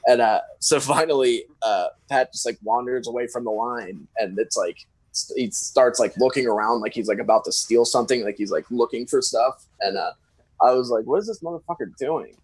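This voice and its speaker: A man's voice: mid-range voice, normal speed, a little mellow, breathy edge, no echo. A young man, a guest on a podcast, telling a story in a rambling, casual way. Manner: rambling, full of fillers and restarts.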